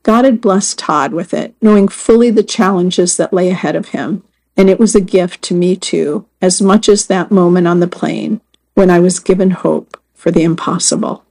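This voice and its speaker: A woman reading first-person magazine stories aloud as scripted narration, in a measured and earnest way. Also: lowish voice, darkish tone, poor audio. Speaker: magazine story reader.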